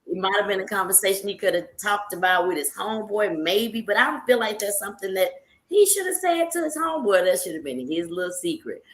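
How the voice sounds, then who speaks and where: A woman hosting a live stream, telling her viewers a story in a casual, animated way, laughing often and calling them y'all. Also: mid-range voice, fairly quick, reverberant.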